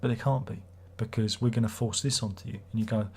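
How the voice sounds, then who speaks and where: A man's voice: on the low side, fairly even intonation, fast talker, a little mellow, breathy edge. A man hosting a casual livestream, rambling and swearing as he reads viewer comments aloud. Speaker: livestream host.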